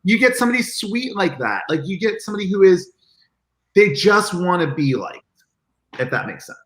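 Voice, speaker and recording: A man telling stories as an interview guest, animated and acting out the lines he quotes in lively chat. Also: high-pitched, normal speed, reverberant, poor audio. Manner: animated, acts out quoted dialogue. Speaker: guest, event marketing executive. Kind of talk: casual storytelling in an interview.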